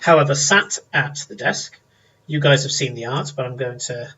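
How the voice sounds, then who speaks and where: A man's voice: medium pitch, moderate pace, sharp tone, slightly rough, lo-fi sound. A man, narrating as game master, descriptive with many fillers.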